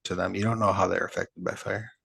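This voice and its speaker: A man running a tabletop game as game master, talking in a relaxed, chatty way with plenty of fillers. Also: low voice, fast talker, vocal fry, husky.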